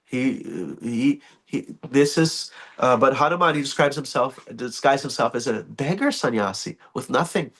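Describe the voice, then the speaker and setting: A man leading a morning scripture class in a temple, telling stories in an animated, chuckling, loosely phrased way. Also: medium pitch, moderate pace, few pauses. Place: temple hall.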